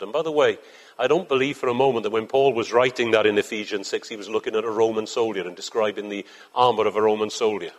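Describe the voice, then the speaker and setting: A man's voice: on the low side, quick pace. A man preaching a sermon to a congregation in church, earnest and building to fervent emphasis. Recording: long hall reverb.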